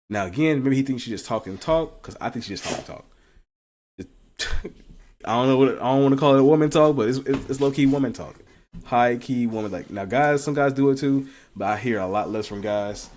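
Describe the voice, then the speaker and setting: A young man giving loose, slangy commentary, breaking into laughs and loud outbursts as he reacts. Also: mid-range voice, normal speed, slight background noise. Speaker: co-host reacting to news. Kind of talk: casual commentary chat.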